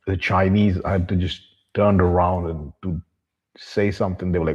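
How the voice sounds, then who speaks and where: A deep, husky male voice carries a blunt, profane rant to camera. He keeps referring to himself in the third person with open contempt, and the recording sounds slightly muffled and lo-fi. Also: steady tone, fairly quick, darkish tone. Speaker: vlogger. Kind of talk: monologue to camera.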